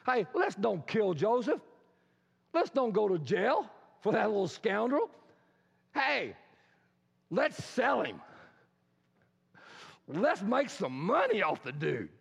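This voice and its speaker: A preacher doing a cocky, scheming brother. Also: male voice, high voice, very animated, slow pace, gravelly, long pauses, husky, heavily acted. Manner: brash, casual slang. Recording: reverberant hall, dull lo-fi sound.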